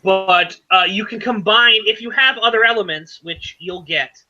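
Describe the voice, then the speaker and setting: High, bright-voiced game master. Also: male voice, lo-fi sound, soft background music. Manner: halting, many fillers and self-corrections. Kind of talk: narrating a tabletop game.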